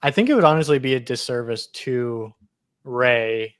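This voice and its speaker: Young man, host, casual live discussion, mid-pitched voice, dry close sound, restarts phrases. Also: animated, moderate pace, clean tone, no echo. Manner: hesitant, restarts phrases, earnest.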